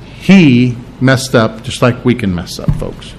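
A man preaching a sermon in a lively, conversational way, with emphatic repetition and joking asides. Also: mid-range voice, takes it slowly, slight background noise, poor audio.

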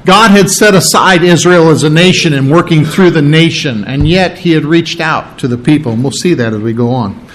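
A middle-aged man giving a verse-by-verse Bible teaching, unhurried and explanatory, pausing on fillers as he works through the text. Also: fairly high pitch, poor audio. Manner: unhurried, with frequent fillers and restarts while explaining.

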